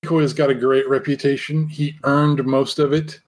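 A man's voice: medium pitch, level tone, moderate pace, darkish tone, natural voice. Casting: a man as the plain-spoken founder of a survivor enclave, casual and hesitant. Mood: candid. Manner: casual, rambling with fillers. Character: male enclave founder, weary and frank.

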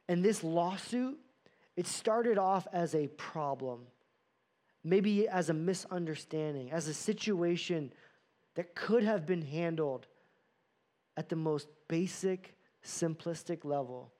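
Man, pastor, sermon, earnest, rhetorical questions, fairly high voice. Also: takes it slowly, warm tone. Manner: earnest, uses rhetorical questions and acted-out quotes.

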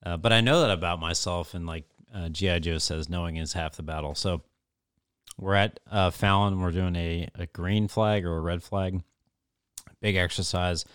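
A retired fighter pilot in his forties tells squadron stories in a loose, profane, animated way. His voice is deep and smooth. The sound is dry and close. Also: normal speed, no echo. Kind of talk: casual storytelling interview.

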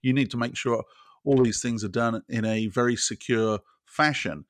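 A British man appears as a technology guest in a casual interview, explaining scenarios step by step. His voice is medium-pitched and his pace moderate, with no audible room sound.

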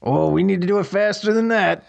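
Fields: a man playing a gorilla, male. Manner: folksy, stammering, unsure. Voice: gravelly, mid pitch. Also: fairly quick. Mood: eager. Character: nervous folksy gorilla man wanting to dance.

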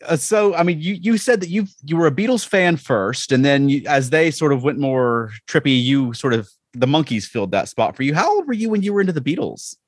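A man's voice: on the high side, very animated, a little fast, hardly any pauses, no echo, clean studio sound. A man hosting a podcast interview, laughing often and asking loose questions with restarts. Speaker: podcast host. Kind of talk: casual interview.

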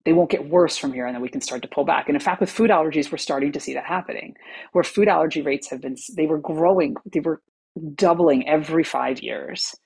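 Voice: mid-range voice, fairly quick, creaky, a little mellow, husky. An expert guest on a podcast, patiently explaining science step by step. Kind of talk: explanatory interview answers.

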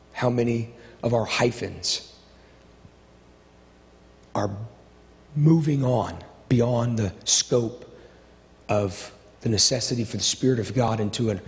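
A middle-aged male pastor preaching a sermon with impassioned, repetitive phrasing, swinging between stirring build-ups and low, quiet asides. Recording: long reverb of a large hall.

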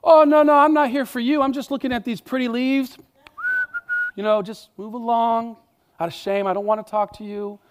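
A man's voice: extremely high pitch, steady tone, normal speed, noisy background, voice pushed up. A man putting on a flustered, ashamed Zacchaeus. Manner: stammering nervous excuses. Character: flustered, ashamed adult male tax collector.

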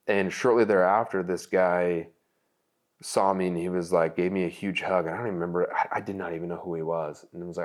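Deep-voiced young male guest, candid, rambling, emotional storyteller. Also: steady tone, fairly quick. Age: young adult. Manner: rambling, emotional, many likes and restarts.

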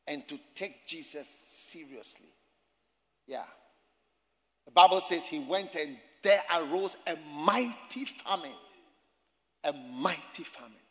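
A man's voice: on the high side, fairly bright tone. A man preaching a sermon, emphatic and repetitive as he tells stories. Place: campus gathering. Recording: echoey hall reverb.

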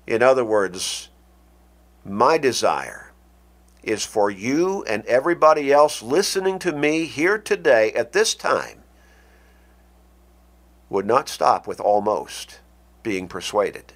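A man preaching a sermon, speaking deliberately with dramatic pauses. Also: on the low side.

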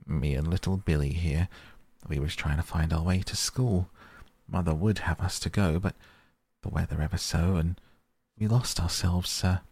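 A man's voice: deep voice, steady tone, normal speed, a little mellow, slightly rough, no room sound. A man voicing a polite young male hedgehog who speaks in humble, rustic country talk. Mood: respectful.

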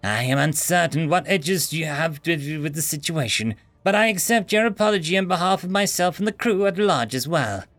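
A man voicing a deadpan, overly literal male alien captain with a nasal, formal way of speaking. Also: a little high, moderate pace, few pauses, voice pushed up. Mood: literal, polite.

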